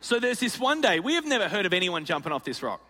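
A man's voice: sits high, sing-song, fast talker, bright, forceful tone, long reverb tail. A man preaching, telling a comic story and acting out the voices of the people in it. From Australia. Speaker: pastor. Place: large auditorium.

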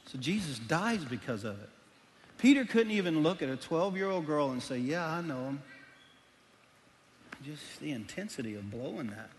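A middle-aged man, preaching a sermon as pastor, telling stories animatedly and swinging between loud and hushed. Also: on the high side, big pitch swings, moderate pace, slight background noise. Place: church auditorium. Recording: long reverb of a large hall.

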